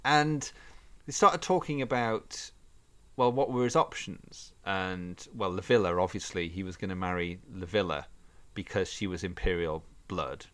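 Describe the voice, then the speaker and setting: A podcast co-host with a low, slightly bright voice and a clear, resonant tone tells a story during a casual chat. He laughs often and acts out the quotes.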